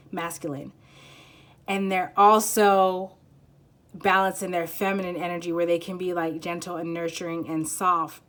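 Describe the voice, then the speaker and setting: A woman's voice: mid-range voice, fairly bright tone. A woman giving a casual pick-a-card tarot reading, rambling and giggly as she searches for words.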